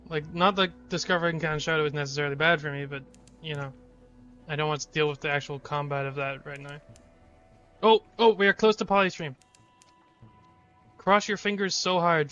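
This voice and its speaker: A man's voice: fairly high pitch, flat delivery, brisk, pushed and bright, smooth, highs cut off, faint music behind. A man streaming a video game live, reading its text aloud and reacting with sudden swearing.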